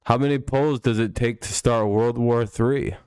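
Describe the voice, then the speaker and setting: A man's voice: medium pitch, steady tone, normal speed, darkish tone, clear, resonant tone, dry recording, studio quality. A man hosting a casual football preview stream, joking and rambling with frequent swearing. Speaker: sports streamer. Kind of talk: casual NFL preview chat.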